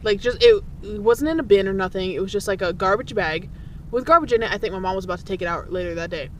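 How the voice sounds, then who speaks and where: A woman's voice: mid-range voice, quick pace, slight background noise. A young woman casually telling childhood stories on a podcast, swearing freely and laughing often. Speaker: podcast host. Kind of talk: casual chat, storytelling.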